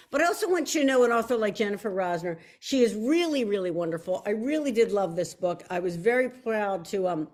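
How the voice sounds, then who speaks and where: A woman with a Philadelphia accent, an author hosting her own video show, chatting effusively to viewers with many restarts and repeated words like "very, very.". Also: mid-range voice. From Philadelphia area. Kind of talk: casual chat to viewers.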